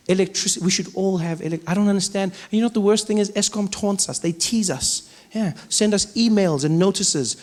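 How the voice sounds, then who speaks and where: A South African man doing stand-up comedy on stage, animated and acting out voices, swinging from loud to low. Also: a little fast, few pauses. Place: large arena on stage.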